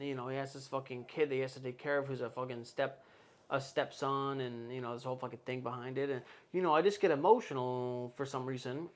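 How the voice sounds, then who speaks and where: A man in his twenties hosting a podcast, talking in a casual, profane, rambling way. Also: medium pitch. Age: 20s. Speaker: podcast host. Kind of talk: casual chat.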